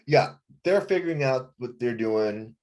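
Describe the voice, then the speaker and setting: A man's voice: medium pitch, expressive, a little slow, a little mellow. A man, a rock band frontman, telling a heated story on a podcast with plenty of profanity and acted-out quotes.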